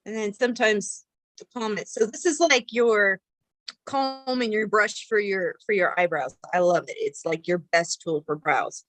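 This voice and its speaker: A woman's voice: mid-range voice, unhurried, a bit bright, dry recording, poor audio. A woman hosting a casual makeup demonstration, talking in a chatty, rambling way with many fillers and restarts. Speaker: makeup tutorial host.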